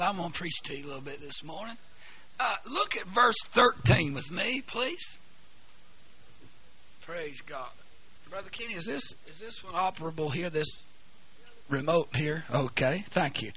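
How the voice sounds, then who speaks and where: Hoarse preacher, high and bright. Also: male voice, animated, no echo. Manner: halting, repeats words, bursts into shouting. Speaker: pastor. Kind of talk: sermon. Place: church.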